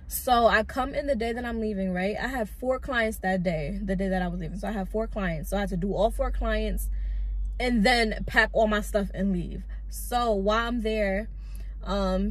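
A young adult woman and lash artist telling a storytime with a calm, chatty delivery full of "like". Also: medium pitch, slight background noise. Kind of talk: casual storytime.

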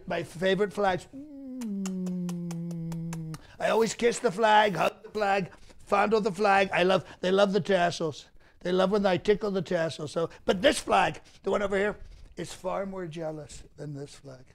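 A man's voice: sits high, vocal fry. A male comedian doing an impression of a boastful president, rambling and repeating himself in a mock press conference. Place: mock press room set.

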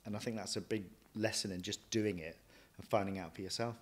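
A man, a chef and restaurant owner, telling stories from his career in a lively way, often acting out what he thought and said. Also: on the low side, fairly quick. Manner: lively anecdotal, quotes himself often. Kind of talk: casual interview storytelling.

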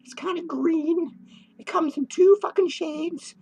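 A man playing an unhinged, foul-mouthed clown who rants in a high, shrill voice with cackling laughs, tipsy and hyper, in a comedic character vlog. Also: measured pace, vocal fry, a little mellow, exaggerated voice. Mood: manic ranting. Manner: crude swearing rants, giddy and drifting. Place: home studio.

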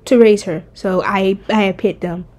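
A woman streamer chatting casually and bluntly while ranking game characters, animated and profane. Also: mid-range voice, moderate pace. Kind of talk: casual game tier-list chat.

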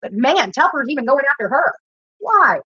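Woman, vlogger, quick, bright, profane rant while cooking, lo-fi, dry room. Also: a little high, no echo. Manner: profane, confrontational, rambling. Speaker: YouTuber. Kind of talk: ranting while cooking on a livestream. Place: home kitchen. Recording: dull lo-fi sound, dry.

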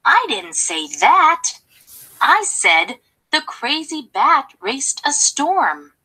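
A woman voicing a flustered, gossiping goose in a storybook with a high, urgent voice. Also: big pitch swings, extremely slow, pushed and bright, heavily acted, low-quality recording.

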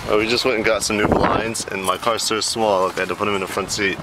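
A man's voice: on the low side, little pitch movement, fast. A young man filming a casual vlog on a handheld camera, teasing and joking with his partner. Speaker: vlogger. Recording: loud background noise.

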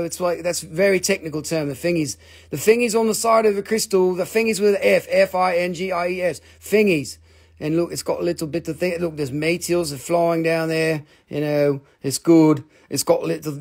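Gravelly, joking shop host. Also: male voice, high-pitched. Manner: rambling, jokey, showing pieces up close. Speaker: host of a live crystal shop stream. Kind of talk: joking live sales chat.

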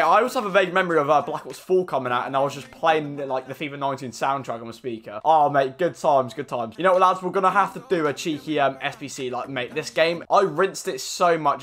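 A young British man chats through a video game in loose, excitable commentary, full of slang and asides to his viewers. His voice sits a little high for a man. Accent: British English. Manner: chatty, slangy, excitable, addresses viewers as lads. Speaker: gaming YouTuber. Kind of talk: casual gameplay commentary.

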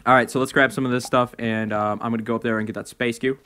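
A young man commentating his own game play at home, excitable, breaking into shouts and laughs at his wins. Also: medium pitch, rapid-fire, few pauses. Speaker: gaming video host. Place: home room.

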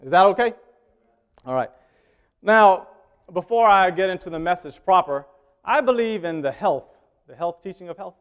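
This man's high, clear, resonant voice carries an animated, conversational sermon at normal speed with long pauses. He often asks the congregation questions and alternates loud emphasis with hushed asides.

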